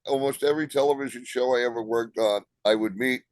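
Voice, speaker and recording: A man's voice: mid-range voice, steady tone, fast talker, a little mellow, no room sound. An older man with a New Jersey accent, a comedian guest telling jokes and anecdotes in a casual interview. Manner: joking, tells anecdotes with punchlines.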